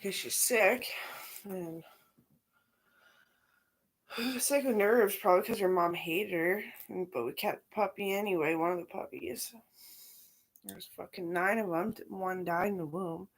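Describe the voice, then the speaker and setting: A woman's voice: mid-range voice, measured pace, pauses often. A middle-aged woman talking in a rambling, casual monologue, profane and scattered, jumping from aside to aside. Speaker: vlogger.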